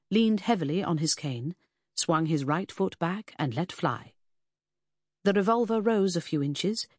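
An audiobook narrator reading a first-person mystery with dramatic, expressive delivery. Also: mid-range voice, no room sound, studio quality.

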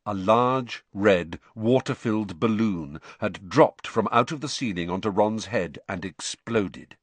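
A man narrating a novel aloud as an audiobook, in a measured, expressive storytelling manner. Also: fairly low pitch, breathy edge, no room sound. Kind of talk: scripted narration.

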